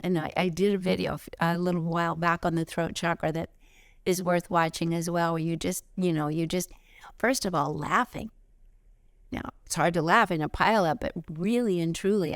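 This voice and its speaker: A middle-aged woman giving a spiritual lesson outdoors, expressive, jumping from high excited bursts to soft whispers. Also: vocal fry, no room sound, clean studio sound. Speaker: spiritual teacher.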